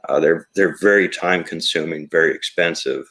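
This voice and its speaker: Low-pitched male toy maker, reflective and rambling, casual interview guest. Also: normal speed, bright, forceful tone. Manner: rambling and reflective, with many fillers. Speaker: toy company co-founder. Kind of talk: casual podcast conversation.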